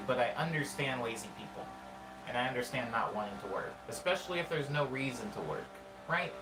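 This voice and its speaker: A man's voice: medium pitch, animated, echoey room, recorded from a distance, rough recording. A man hosting a casual music livestream, chatting and reading viewer comments in a rambling way. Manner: rambling, chatty, quick asides.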